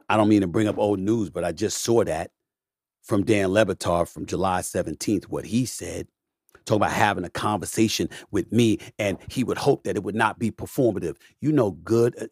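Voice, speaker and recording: A middle-aged man hosting a podcast, delivering an impassioned, emphatic monologue that swings between loud and quiet and repeats his points with the odd curse. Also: fairly low pitch, husky, no room sound, clean studio sound. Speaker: podcast host.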